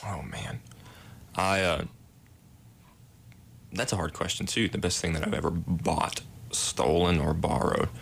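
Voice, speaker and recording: A man's voice: low-pitched, steady tone, a little slow, gravelly, long pauses, slight background noise. A young man, a residence hall director, answering interview questions in a modest, self-deprecating way with easy laughs.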